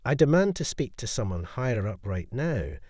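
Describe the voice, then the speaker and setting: A haughty actress who expects to get her way speaks in clipped, disdainful demands, voiced by a man reading an audio story. The delivery swings lively in pitch. The sound is dry and close. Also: moderate pace, no room sound.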